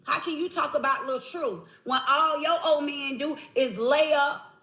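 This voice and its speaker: A woman's voice: sits high, a little slow, sharp tone, echoey room. A woman scolding a rival in a confrontational rant, played back as a clip. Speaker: rival online creator. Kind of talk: angry livestream rant.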